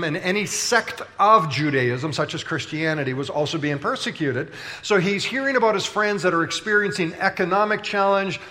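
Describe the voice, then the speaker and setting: A man with a high, pushed, bright voice preaches as pastor in a big church auditorium. His sermon unfolds through playful, chatty storytelling and back-and-forth banter with the congregation.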